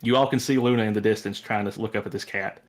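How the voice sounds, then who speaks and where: A man narrating a tabletop roleplaying game as game master, telling the scene in a relaxed way with frequent restarts. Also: lowish voice, quick pace.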